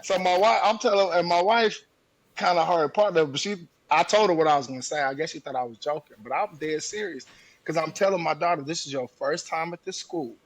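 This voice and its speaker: A man's voice: on the high side, fairly quick, no echo. A man co-hosting a podcast, telling a parenting story in casual chat and acting out the quotes while he laughs. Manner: animated, laughing storyteller who acts out quotes. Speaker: podcast co-host.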